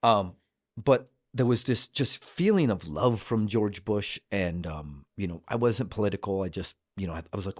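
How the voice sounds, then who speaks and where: A man's voice: on the low side, expressive, normal speed, a little mellow, dry recording, studio quality. A man in his forties from Idaho, a guest talking casually and earnestly, with lots of fillers and restarts. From Idaho, USA. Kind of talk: casual conversation.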